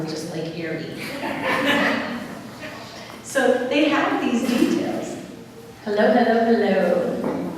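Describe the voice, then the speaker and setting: A woman giving a lively public talk on dementia care, asking the audience questions and then answering them herself. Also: mid-range voice. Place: large hall. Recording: echoey hall from far off with faint ambience.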